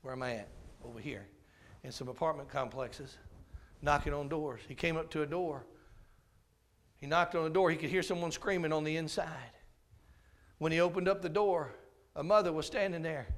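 A man preaching a sermon, telling a story dramatically and swinging from loud bursts to hushed tones. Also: fairly high pitch, normal speed.

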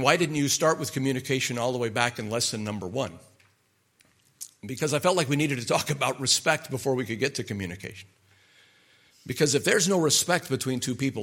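A man's voice: medium pitch, fairly bright tone. A middle-aged man preaching a conversational sermon as a pastor and marriage counselor, folksy and full of rhetorical questions to his listeners.

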